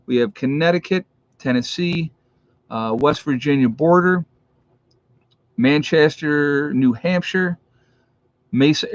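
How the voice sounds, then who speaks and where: A man's voice: mid-range voice, no room sound. A man hosting a casual livestream. He reads out where his viewers are tuning in from, then earnestly urges them to get ready. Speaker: livestream host. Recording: dull lo-fi stream audio.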